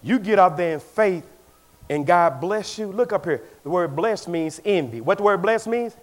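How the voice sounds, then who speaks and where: A pastor preaching to his church in a high, animated voice. He swings from loud exclamations down to quiet, confiding asides, and his pitch leaps all over the place. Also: moderate pace. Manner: preaching with swings between shouts and hushed asides. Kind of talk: sermon.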